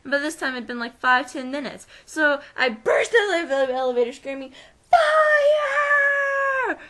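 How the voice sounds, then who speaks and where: Young American woman, vlog storyteller, slightly high, bright, acts out quotes. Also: fairly quick. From United States. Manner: animated, acts out quoted voices. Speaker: vlogger. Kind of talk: casual storytelling.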